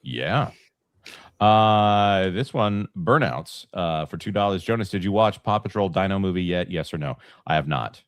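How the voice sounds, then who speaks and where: A man with a low, deep voice that moves around a lot as he talks. He co-hosts a casual panel stream and reads out viewer messages with jokes. The sound is close and dry. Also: animated, a little slow, no room sound. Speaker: co-host reading super chats.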